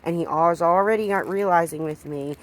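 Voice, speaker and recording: A woman dog trainer giving a hands-on demonstration, explaining calmly between short firm commands to the dog. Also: lowish voice, fairly quick.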